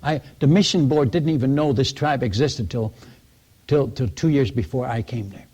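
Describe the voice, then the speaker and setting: A man preaching as a missionary, telling a story in an animated way and often restarting and repeating words. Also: medium pitch, moderate pace, breathy edge. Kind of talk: sermon storytelling.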